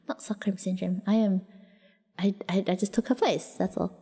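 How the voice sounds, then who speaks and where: A woman's voice: mid-range voice, fairly even intonation, normal speed, a little mellow, slightly rough. A woman with an Australian accent chats loosely with her livestream viewers and rambles from one thought to the next. She keeps restarting her sentences and giggling. Her voice sits in a middling register, and a long reverb tail trails behind her words. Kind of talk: casual chat with viewers.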